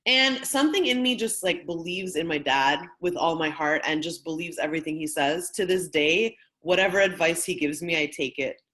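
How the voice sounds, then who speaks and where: Lively woman workshop facilitator. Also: low-pitched, normal speed, hardly any pauses. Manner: lively, candid, conversational, casual swearing. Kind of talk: training session talk with personal storytelling.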